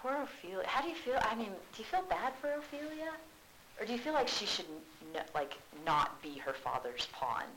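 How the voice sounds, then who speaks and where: A woman's voice: on the high side, sing-song, moderate pace, noisy background. A woman teacher giving a casual, chatty classroom explanation, full of "like"s, in a classroom.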